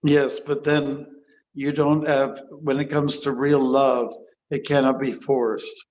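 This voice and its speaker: A man, a monk giving a scripture class, talking in an animated, playful way and acting out quotes. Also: mid-range voice, slow, lo-fi sound. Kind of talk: lecture with storytelling.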